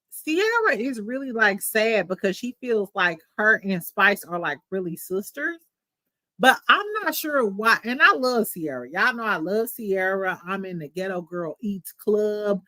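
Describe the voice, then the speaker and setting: A woman's voice: mid-range voice, lively intonation, measured pace, sharp tone, no room sound, low-quality recording. A woman hosting a podcast, recapping reality TV in casual, profane, gossipy chat. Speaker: podcast host.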